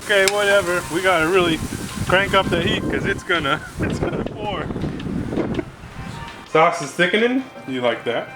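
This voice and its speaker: A man hosts a casual cooking vlog, laid-back and jokey, rambling as he cooks. His voice sits high and is animated, at a moderate pace with frequent pauses. The sound is roomy with background music.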